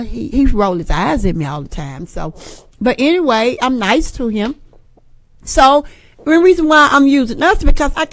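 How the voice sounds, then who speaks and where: Chatty high-voiced woman preaching. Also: dry recording. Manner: chatty, joking, folksy asides to the congregation. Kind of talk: informal sermon.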